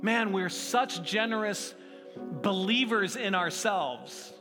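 A man's voice: sits high, slow. A middle-aged man preaching a sermon in a conversational, self-deprecating way with playful asides. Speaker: pastor. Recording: long hall reverb with faint music.

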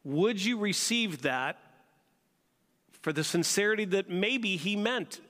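A man delivering a sermon in a church sanctuary, his voice a touch high and ringing bright. He keeps turning to the congregation with rhetorical questions, and a long hall reverb trails every phrase. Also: expressive, slow. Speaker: pastor.

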